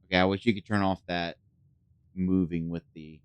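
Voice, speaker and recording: Casual gamer host, male, clear voice, dry close sound, chatty and filler-heavy, mutters while thinking. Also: low voice, fairly even intonation, normal speed, dry recording. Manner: drops to a mutter when thinking aloud. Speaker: gaming channel host. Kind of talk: casual let's play commentary.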